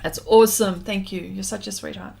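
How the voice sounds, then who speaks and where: Gravelly and dark in tone, her mid-range voice moves fairly quickly. An Australian pastel artist, she chats casually during a painting live stream, reading comments aloud and thanking her viewers.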